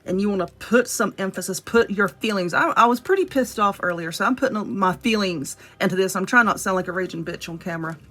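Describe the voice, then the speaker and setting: A woman's voice: mid-range voice, fast, hardly any pauses, a bit bright. A woman with a Southern US accent giving a casual, blunt and profane spell tutorial at home, talking straight to her viewers. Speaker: witchcraft video host. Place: home room.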